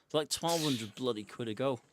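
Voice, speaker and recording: A man's voice: medium pitch, brisk, dry recording. A man co-hosting a casual live stream, matter-of-fact as he reads out viewers' messages. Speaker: co-host reading super chats.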